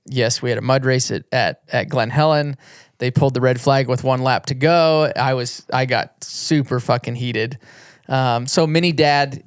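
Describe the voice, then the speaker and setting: A man's voice: medium pitch, clean tone, dry recording, studio quality. A man in his thirties, a retired racer and podcast guest, telling stories in casual chat, rambling with many restarts and swearing freely.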